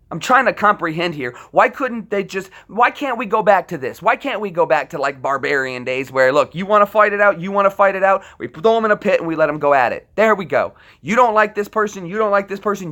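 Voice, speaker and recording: Fired-up male veteran on a livestream, sharp tense tone, profane, circles back and restarts. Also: a little high. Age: adult military veteran. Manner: impassioned, profane, rambling with restarts. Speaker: livestream host. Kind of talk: ranting livestream monologue.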